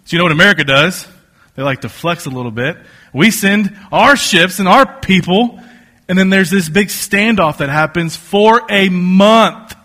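Guy preaching w a bright higher voice, jokey storyteller, lots of ums. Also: animated, normal speed. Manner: joking, storytelling, many fillers and restarts. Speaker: pastor. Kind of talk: sermon.

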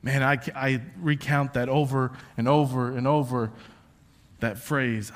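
A man preaching a sermon, passionate and conversational, who swings from yelling out prayers to hushed near-whispers. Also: mid-range voice, fairly even intonation, a little slow. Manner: self-confessed yeller, passionate and conversational. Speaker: pastor.

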